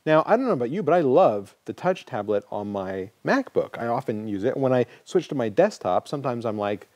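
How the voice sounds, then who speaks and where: A man's voice: medium pitch, very animated, brisk, a little mellow, no room sound. A man co-hosting a casual technology show, joking and rambling as he demonstrates a gadget and corrects himself along the way. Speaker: co-host. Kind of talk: casual tech show banter.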